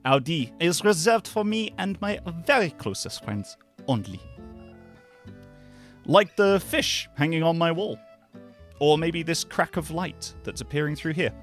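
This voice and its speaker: A man's voice: a little high, animated, unhurried, a bit bright, soft background music, voice pushed up. A man putting on a hammy French-accented tavern oddball. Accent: French (put on). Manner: hammy, playful. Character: French-accented quirky tavern patron who loves a mounted fish.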